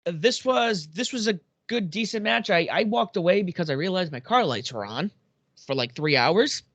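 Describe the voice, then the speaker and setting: A man co-hosting a podcast, talking about wrestling in an excitable, rambling way. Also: high-pitched, moderate pace, dry recording. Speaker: podcast co-host. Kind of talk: casual wrestling chat.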